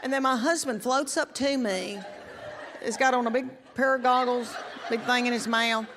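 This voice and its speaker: A woman's voice: on the high side, fairly even intonation, normal speed, noisy background. A middle-aged woman, telling chatty, folksy stories in a stand-up comedy routine. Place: comedy stage before a live audience.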